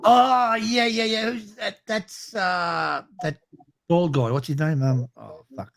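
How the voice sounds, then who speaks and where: A man talks bluntly over a voice call, cursing freely and speaking his mind. His voice sits a little high for a man. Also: takes it slowly, creaky, fairly bright tone. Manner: blunt, crude, swears a lot. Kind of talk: casual online voice chat.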